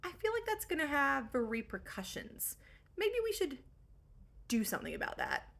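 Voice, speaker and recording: A woman putting on a fretful, grief-stricken old man, voiced high and bright in a mocking slang parody. He frets and worries in every line. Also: sing-song, moderate pace, creaky, full character voice. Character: grieving elderly father, fretful old man.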